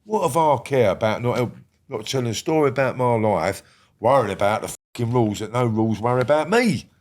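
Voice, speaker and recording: In a laid-back podcast interview, a middle-aged male guest talks in a brisk, expressive way. He's blunt, swears a lot, and frequently drops his voice to a low murmur.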